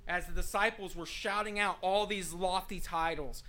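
A man preaching a sermon, reading scripture and then asking searching questions, swinging between loud proclamation and soft, quiet asking. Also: sits high, fairly even intonation, normal speed, hardly any pauses.

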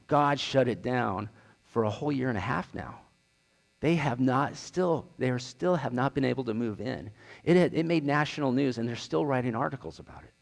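A man's voice: medium pitch, lively intonation, a little fast, gravelly. A man, an outreach director, gives an earnest slide presentation, telling stories and retelling conversations. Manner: earnest, storytelling, retells dialogue. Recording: long hall reverb.

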